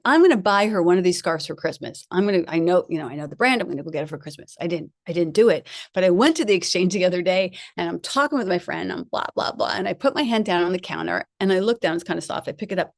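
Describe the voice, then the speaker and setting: A middle-aged woman, a guest speaker, gives a spiritual talk, chatty and laughing often as she tells personal stories with lively energy. Her voice sits on the low side, recorded dry with studio quality.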